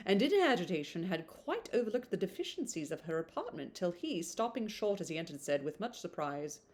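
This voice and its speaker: A woman's voice: lowish voice, very animated, a little fast, a little mellow. A woman reading a classic novel aloud, often breaking off to chat and laugh about it. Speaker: book reader.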